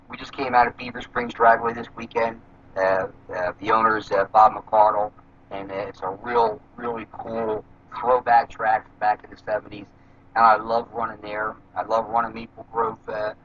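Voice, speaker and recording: A man's voice: lowish voice, level tone, moderate pace, a bit bright. A man being interviewed about drag racing, talking casually and rambling with many fillers. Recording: slightly dull with faint noise.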